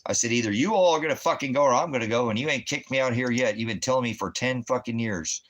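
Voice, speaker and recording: A man's voice: medium pitch, fast talker, a bit bright. A man ranting in a rambling, heavily profane monologue as the host of his own channel. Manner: swears heavily, rambling, laughs often.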